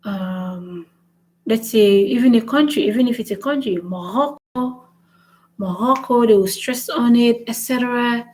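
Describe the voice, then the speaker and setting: Speaking at normal speed in a warm voice on the high side, a woman hosts a casual language lesson vlog. As a language-learning channel host, she shifts between French and English and repeats points with "right?". The recording is low quality.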